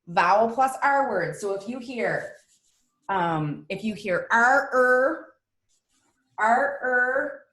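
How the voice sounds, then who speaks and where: A woman reading teacher leading a live online reading class over a video call, chatty and encouraging with a self-deprecating humor. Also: mid-range voice. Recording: roomy echo.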